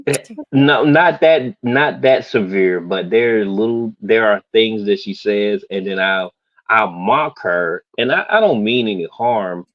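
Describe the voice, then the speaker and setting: A man's voice: fairly low pitch, expressive, measured pace, no echo, muffled recording. A man chatting casually on a livestream panel, hesitant and restarting, with small chuckles. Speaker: panel guest.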